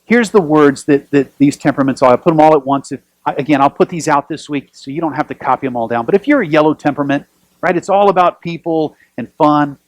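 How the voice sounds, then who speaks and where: A man preaching a sermon as pastor, telling lively stories with self-deprecating humor. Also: a little high, fast talker, no echo, poor audio.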